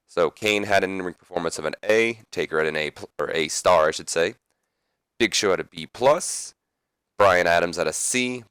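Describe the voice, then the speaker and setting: A man's voice: deep voice, a bit bright, clean tone, dry recording. A young man casually narrating a wrestling management game, reading out results and making chatty, self-deprecating asides on a close microphone. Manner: chatty, reads event text aloud, self-deprecating asides. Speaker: let's play narrator.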